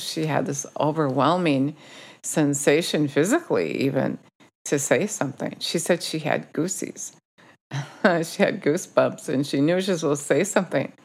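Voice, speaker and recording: A woman's voice: low voice, creaky. A woman giving an informal sermon, urging listeners with pointed rhetorical questions. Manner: urgent, exhorting, rhetorical questions. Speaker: preacher.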